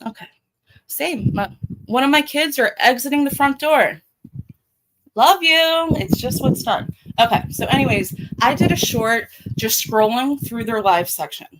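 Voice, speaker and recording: A woman's voice: on the high side, moderate pace, background noise. A middle-aged woman with a Baltimore accent hosting a casual livestream, blunt and profane, talking straight to her chat. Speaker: livestream host.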